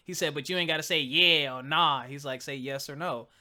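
Wry, bright-voiced man in his thirties. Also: on the high side, a little fast. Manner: wry, laughing storyteller. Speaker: podcast co-host. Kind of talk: casual chat.

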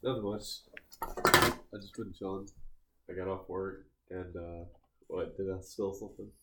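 A man with a lowish voice tells a story in loose, casual podcast chat. He rambles, restarts sentences and fills his speech with "like" and "uh." The room around him is noticeably echoey. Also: fairly even intonation, a little slow, a bit bright. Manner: rambling, heavy use of "like" fillers, restarts mid-sentence. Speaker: podcast co-host.

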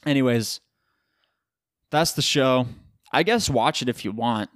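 A man's voice: mid-range voice, a little slow, no room sound, studio quality. A tired man hosting his own podcast, rambling loosely through casual chat and swearing now and then. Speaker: podcast host.

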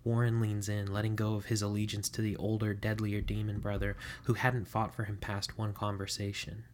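A man narrating a story in a steady, even reading voice. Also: lowish voice, a little fast, slight background noise.

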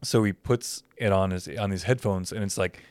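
A man's voice: sits low, moderate pace, a little mellow, dry recording. Profane young man telling cartoon stories. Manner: profane storyteller doing goofy character voices. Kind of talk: casual chat.

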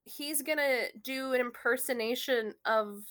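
A woman's voice: high-pitched, measured pace, fairly bright tone. A woman in casual conversation, telling a long story with many fillers and restarts. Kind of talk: casual chat.

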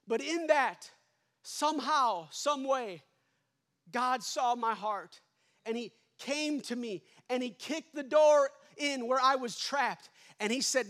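A man preaching a sermon as pastor, building to shouts and dropping to hushed endings. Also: very high-pitched, slow.

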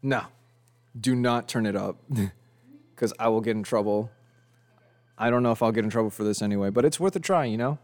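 A young man of Mexican descent hosts a casual solo podcast, rambling and cracking jokes at his own expense while worn out from too little sleep. His voice is lowish and darkish in tone, and he talks fairly quickly but leaves long pauses. The recording has no echo.

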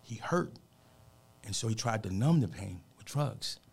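A man's voice: on the low side, animated, unhurried, gravelly, darkish tone, slightly rough. A man who works as a motivational speaker, telling a personal story with heartfelt, emphatic, almost preacher-like earnestness during a radio interview.

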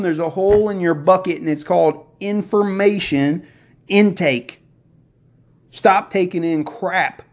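A man hosting a motivational podcast, preaching excitedly and working himself up as he talks. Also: high-pitched. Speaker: podcast host. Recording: dull lo-fi recording.

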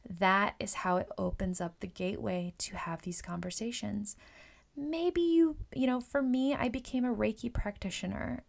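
Her medium-pitched voice carries a vocal fry while she gives relaxed advice to fellow stylists, drawing on her work in hair and Reiki. Talkative by nature, she plays out client chats, repeating herself and dropping in filler words.

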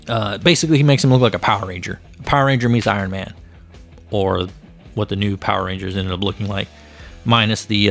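Male podcast host, low and gravelly, loose storyteller who voices each character. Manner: animated storyteller who acts out the characters' lines. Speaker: comic book podcast host. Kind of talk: casual retelling of a comic story.

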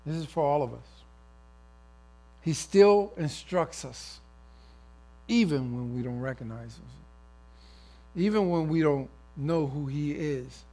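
A man's voice: fairly high pitch, lively intonation, slow, pauses often, mellow. A man preaching a sermon, acting out everyday scenes in different voices.

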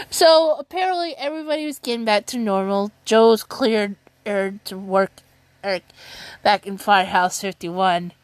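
A woman's voice: medium pitch, moderate pace, no room sound. Giggly woman rambling through a show recap. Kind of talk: casual chat recapping a TV episode.

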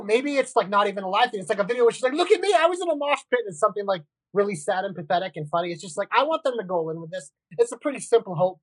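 A woman co-hosting a casual wrestling podcast, animated and blunt, with quick asides and casual swearing. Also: mid-range voice, no room sound, low-quality recording. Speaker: podcast co-host.

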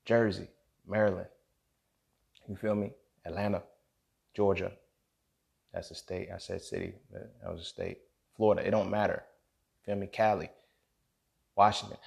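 With a lowish, gravelly, darkish voice, a man hosting a podcast unloads in a heated solo monologue. He's angry, emotional, and profane, hammering his points and repeatedly asking "you feel me."

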